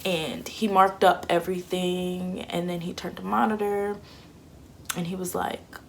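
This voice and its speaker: Chatty young woman with a gravelly voice. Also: fairly low pitch, little pitch movement, unhurried, a little hiss or hum. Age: 20s. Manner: candid and chatty, acts out quotes. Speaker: vlogger. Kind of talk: casual storytelling.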